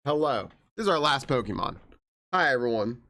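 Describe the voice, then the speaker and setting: A man's voice: mid-range voice, very animated, fairly quick, pushed and bright. A young man live-streaming a game, chatting in an upbeat way and greeting his viewers one after another.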